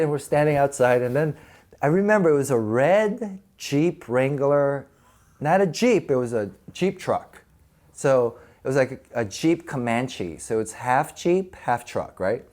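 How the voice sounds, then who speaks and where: A man in his forties swaps stories on a podcast, his pitch swinging widely as he goes. He laughs often and acts out the people in his stories. His middle voice carries easily in relaxed talk. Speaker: actor and podcast host. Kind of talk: casual storytelling in a podcast interview.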